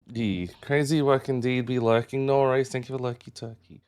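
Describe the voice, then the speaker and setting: This live streamer has a smooth, medium-pitched voice and talks a little fast. He chats casually with his audience, says hello to chat members one at a time, and bursts into animated, excited yelps.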